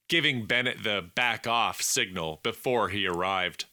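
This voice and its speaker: Male audiobook narrator, slow deliberate read, very bright tone. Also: fairly low pitch, no echo, studio quality. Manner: measured, deliberate reading. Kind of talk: scripted narration.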